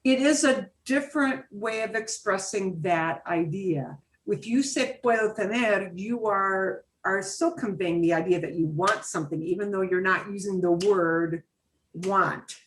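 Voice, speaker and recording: A woman's voice: medium pitch, measured pace, a little hiss or hum. A woman teaching a beginners' Spanish class over a video call, explaining patiently and repeating phrases.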